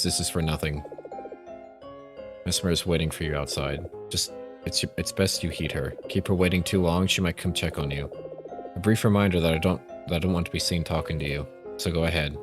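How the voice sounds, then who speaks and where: Secretive warning character, guy reading it low and deep, quiet music behind. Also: lightly acted. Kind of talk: reading game dialogue on stream.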